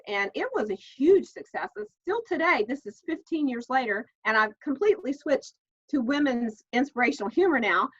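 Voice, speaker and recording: Husky and pitched on the high side, a middle-aged woman author shares stories as a guest in a casual interview. Her manner is warm and chatty, peppered with fillers and restarts, and the call audio sounds dull and lo-fi.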